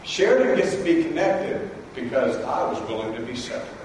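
A male pastor preaching a sermon, swinging between loud emphasis and quiet intensity. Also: medium pitch, big pitch swings, a little fast, slight background noise. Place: large church hall. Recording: echoey hall from far off.

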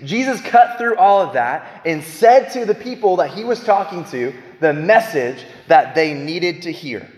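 A man's voice: animated, measured pace, few pauses. Emphatic man preaching in an echoey hall. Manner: emphatic, swings between loud bursts and quiet low lines. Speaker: Bible teacher. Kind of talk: preaching-style Bible talk. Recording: echoey hall with long reverb.

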